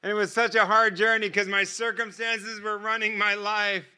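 A man's voice: high-pitched, flat delivery, moderate pace, bright, forceful tone, clean tone. An American man preaching a sermon, telling his testimony as a vivid story and acting out the dialogue. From United States. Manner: vivid storyteller who acts out dialogue and laughs often. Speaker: guest preacher.

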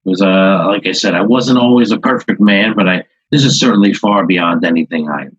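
Muggsy: a man doing a sorrowful soul stuck in a mug, deep husky voice, hesitant and slow, comedy podcast bit. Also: dry recording, muffled recording. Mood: rueful. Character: sad trapped man's soul in a mug.

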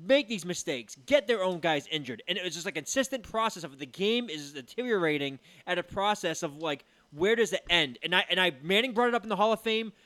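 A man's voice: high-pitched, lively intonation, fast, few pauses, pushed and bright, dry recording. A man co-hosting a casual chat show, earnestly agreeing and laying out his points. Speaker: podcast co-host.

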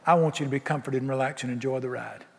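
A man's voice: medium pitch, quick pace, vocal fry. A man preaching a sermon as pastor, folksy and exuberant, full of rhetorical questions. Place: church sanctuary. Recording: long reverb of a church hall.

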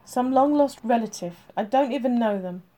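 A woman's voice: fairly high pitch, moderate pace, mellow, lightly acted. A woman voicing a stubborn, frustrated male police detective stuck in a hospital bed, pushing back in a raised voice in an audiobook reading. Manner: defensive, raised and pushy.

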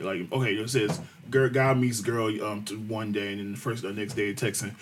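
A man telling a profane, animated story in casual chat, acting out the people he quotes. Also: lowish voice, normal speed, hardly any pauses, slight background noise.

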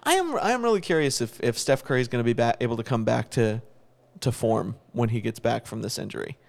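A man's voice: mid-range voice, lively intonation, fast, vocal fry. A man co-hosting a podcast in casual chat, giving opinions and restarting words as he thinks. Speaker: podcast co-host.

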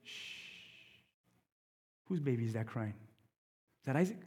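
A male pastor preaching a sermon in a church, dropping to a hush and then rising to loud emphasis. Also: mid-range voice, animated, takes it slowly, long reverb tail, slight background noise. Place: church sanctuary.

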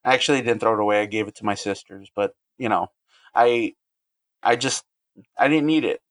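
A man's voice: on the low side, fairly bright tone, dry recording. A man speaking as a podcast guest, candid and earnest, often restarting his sentences. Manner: earnest, halting, with frequent restarts. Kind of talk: candid interview talk.

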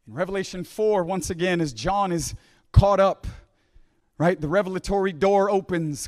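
High-voiced preacher man in a hall. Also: normal speed. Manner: repeats phrases, restarts, "right?" asides, drops to hushed quoting. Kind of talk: conference sermon. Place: large conference hall. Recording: reverberant hall.

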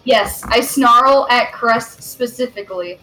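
A woman's voice: fairly high pitch, slow, sharp tone, soft background music, low-quality recording. A woman player describing her character's actions in a tabletop game, in a playful manner. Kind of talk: tabletop role-play, playing a dog.

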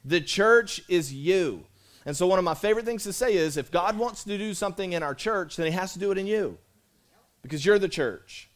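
A man's voice: high voice, animated, brisk. A man pastor preaching a sermon to his congregation in a casual, conversational way, repeating phrases and calling out to the crowd. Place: church sanctuary.

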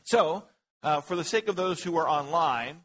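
Animated man preaching to a congregation. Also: a little high, moderate pace, a little hiss or hum, low-quality recording. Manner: animated, teasing, asks the group questions. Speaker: pastor leading Bible study. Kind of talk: interactive sermon. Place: church hall with a congregation. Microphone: handheld microphone.

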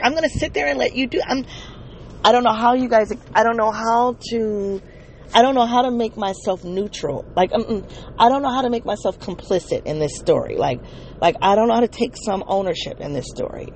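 A podcaster tells a raw personal story, stopping and restarting often and turning to the listeners directly. The voice has a gravelly, creaky edge. A faint hum sits behind it. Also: mid-range voice, a little mellow, low-quality recording. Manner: halting, with frequent restarts and self-corrections; earnest, addresses listeners directly. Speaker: podcast host.

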